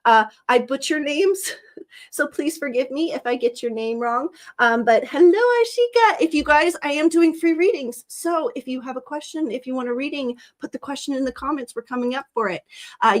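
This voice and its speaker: Chatty woman livestream host, higher voice. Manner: chatty, lots of ums, greets viewers by name. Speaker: livestream host and psychic reader. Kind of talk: casual livestream chat.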